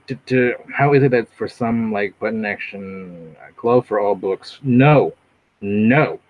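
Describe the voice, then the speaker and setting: A man chatting casually on a livestream, rambling and hopping from one thing to the next. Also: lowish voice. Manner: rambling, animated, jumps between topics. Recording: dull lo-fi recording.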